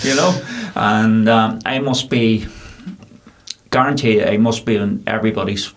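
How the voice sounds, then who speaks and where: A bartender with a Belfast accent telling rambling, animated anecdotes in a casual interview. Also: male voice, on the low side, measured pace.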